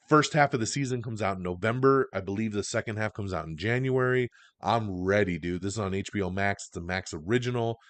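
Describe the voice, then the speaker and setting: Low-voiced male host, dry close-mic podcast sound, chatty and opinionated with plenty of slang. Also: no room sound. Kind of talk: casual pop-culture news chat.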